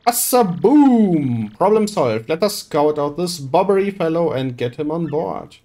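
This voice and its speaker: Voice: mid-range voice, sing-song, a little slow, dark tone. A streamer reading game dialogue aloud and voicing a pompous, flamboyant rich merchant with grand, theatrical delivery. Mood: grandiose.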